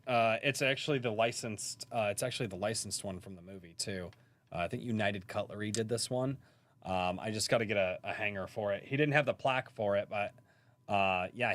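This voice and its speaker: A man's voice: on the low side, a bit bright. A man hosting a live-stream podcast from a rural home, chatting casually and rambling with many fillers and restarts.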